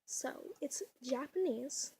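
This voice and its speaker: A young woman chats into her camera at home, rambling through fillers and little laughs. Her voice is slightly high and breathy, and she admits it sounds a little off today. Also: slow, dark tone. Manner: chatty, giggly, rambling with many fillers. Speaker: vlogger. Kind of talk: casual home vlog. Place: at home indoors. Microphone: camera mic.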